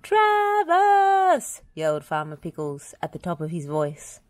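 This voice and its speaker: A woman reading a children's picture book aloud, gentle and expressive. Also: deep voice, normal speed. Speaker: storybook reader. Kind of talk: children's read-aloud narration.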